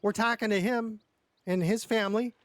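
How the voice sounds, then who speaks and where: A man's voice: high-pitched, steady tone, normal speed, no room sound. A man telling a long story in character during a roleplay session, rambling and stammering with lots of repeated words and casual swearing.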